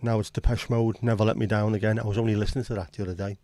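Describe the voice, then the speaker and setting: A man's voice: on the low side, level tone, very fast, mellow, no echo. A middle-aged man chatting casually on his livestream, joking and answering viewers' messages. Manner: easygoing, jokey, responds to chat messages. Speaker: livestream host.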